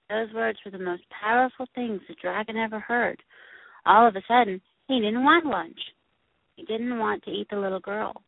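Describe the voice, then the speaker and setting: A woman's voice: mid-range voice, moderate pace, creaky, no echo. A woman reading a first-person story in the voice of a young girl, told in a plain, childlike way. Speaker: audiobook narrator. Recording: tinny, phone-like dry recording.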